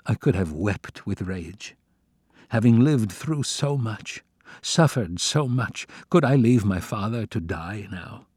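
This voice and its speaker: A man reading a first-person memoir aloud in a measured, somber, restrained way. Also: medium pitch, darkish tone, breathy edge, no echo, studio quality. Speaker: audiobook narrator.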